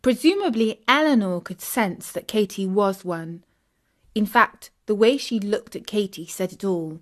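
Woman, storyteller, children's audiobook narration, clear, expressive. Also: mid-range voice, a little slow.

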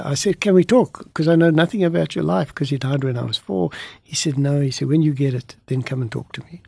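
A man's voice: medium pitch, vocal fry, darkish tone, breathy edge, no echo. A man telling a personal testimony in the first person, acting out the dialogue as he retells it. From farming background. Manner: vivid retelling that acts out dialogue.

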